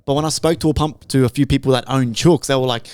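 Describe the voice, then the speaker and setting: A man's voice: mid-range voice, steady tone, quick pace, a little mellow, smooth, no room sound. Swearing young man, dry sound. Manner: rambling storyteller, heavy swearing. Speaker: podcast co-host. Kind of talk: casual podcast chat.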